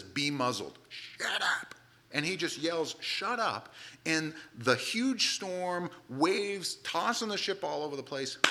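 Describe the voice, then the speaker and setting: A man's voice: mid-range voice, bright, forceful tone. A man preaching a sermon, retelling a Bible story with dramatic quoted voices.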